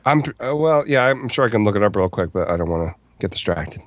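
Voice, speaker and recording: A man's voice: fairly low pitch, expressive, quick pace, no room sound. A man co-hosting a podcast, chatting casually with wry remarks and frequent laughter. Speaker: podcast co-host. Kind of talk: casual chat.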